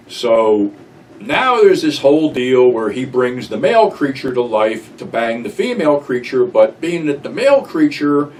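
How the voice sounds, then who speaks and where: An older man telling a rambling, profane story about a night out. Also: mid-range voice. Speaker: channel host recounting memories. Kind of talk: casual storytelling monologue. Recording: voice a bit distant from mic, faint room noise.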